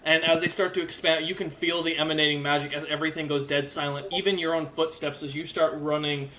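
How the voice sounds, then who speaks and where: A man's voice: fairly high pitch, little pitch movement, fast, pushed and bright, slight background noise. A man narrating a tabletop game as game master, loose and full of fillers.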